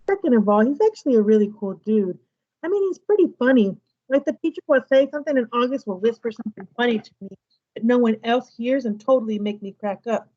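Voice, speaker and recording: A woman's voice: a little high, fast, dull audio. A woman teacher reading a children's novel aloud to her class, bringing the dialogue to life. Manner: lively, voices the characters' dialogue.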